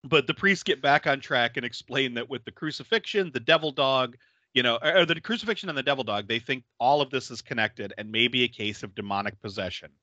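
A man's voice: mid-range voice, fairly quick, pushed and bright, no echo, dull audio. A man casually recapping a film plot, laughing often and acting out characters' lines. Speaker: podcast host recapping a film. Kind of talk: casual movie recap chat.

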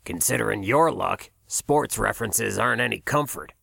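A man voicing an older male fry cook, blunt and worried, in an audiobook. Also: on the low side, normal speed, a bit bright, no echo, clean studio sound, exaggerated voice. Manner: blunt, exasperated. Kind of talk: audiobook character voice.

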